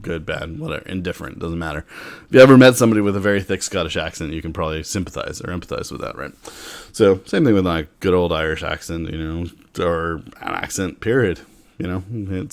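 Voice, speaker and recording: A man explaining technology in a casual, conversational way, breaking off into wry asides and restarting his sentences. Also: sits low. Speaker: tech speaker.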